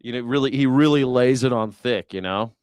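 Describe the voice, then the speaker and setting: A man's voice: mid-range voice, a little fast, darkish tone, smooth, no echo, studio quality. A man hosting a news reaction stream, rambling and joking crudely in casual talk. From United States. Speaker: streamer host.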